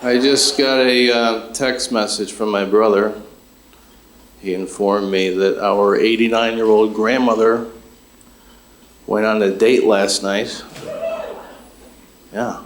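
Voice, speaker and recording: A man's voice: fairly low pitch, steady tone, slow, long pauses, slight background noise. A man doing a stand-up comedy set, telling stories in a dry, conversational way and talking to the crowd. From Chicago. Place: comedy club stage with live audience. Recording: roomy live club sound.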